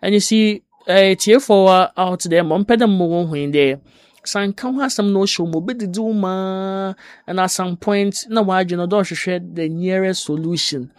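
High-voiced man, dry close sound. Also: normal speed, smooth, no echo. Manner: switches between English and a local language, acts out quoted speech. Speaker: guest speaker on mental health. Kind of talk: casual discussion panel.

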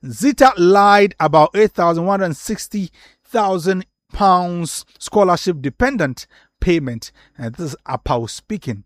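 A man with a Ghanaian accent reviewing the morning's newspaper headlines, reading briskly with short asides and fillers. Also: high voice, animated, dry recording, studio quality.

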